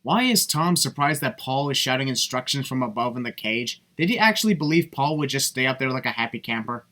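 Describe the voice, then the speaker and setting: A man's voice: medium pitch, expressive, a little fast, background noise. A man giving sarcastic voice-over commentary, blunt and mocking, swearing freely. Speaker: video commentator.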